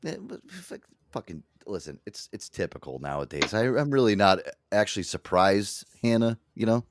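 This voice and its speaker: A man hosting a talk show, telling a story in a loose, profane, animated way. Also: lowish voice, moderate pace. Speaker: radio show host. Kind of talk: casual chat.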